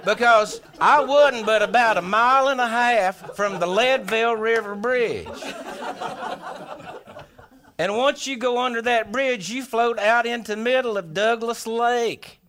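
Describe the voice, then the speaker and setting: A man spins a comic tall tale. His voice sits high, and he tells it in a folksy, animated way, voicing his own panicked thoughts as he goes. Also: moderate pace, hardly any pauses. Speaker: storyteller. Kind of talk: humorous tall tale told on stage.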